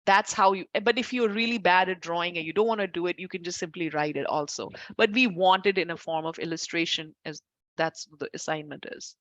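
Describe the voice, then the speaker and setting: The woman in this muffled, echo-free clip speaks fairly quickly in a voice on the low side. She's an Ayurveda instructor teaching her class in a chatty way, catching and correcting herself mid-sentence and giving warm asides to students.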